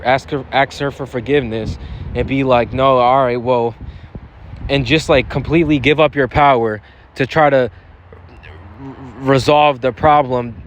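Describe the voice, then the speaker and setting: A man's voice: mid-range voice, a little hiss or hum. Blunt, profane young man giving advice. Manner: blunt, profane, repetitive, restarting phrases. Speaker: dating advice vlogger. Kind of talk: casual advice monologue to camera.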